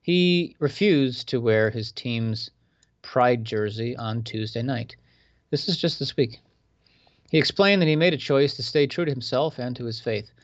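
A man's voice: medium pitch, dry recording. A man hosting a radio show, giving casual religious commentary in a preachy, conversational way with sarcastic asides. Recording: dull lo-fi sound.

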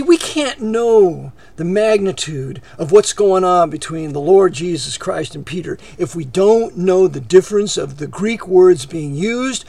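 A man preaching a sermon, reading scripture aloud and paraphrasing it in casual speech, swinging from emphatic peaks to hushed asides. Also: high-pitched, vocal fry, dry recording. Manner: rises to emphatic peaks, drops to near-whisper asides; reads scripture in old English, then paraphrases conversationally. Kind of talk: expository sermon.

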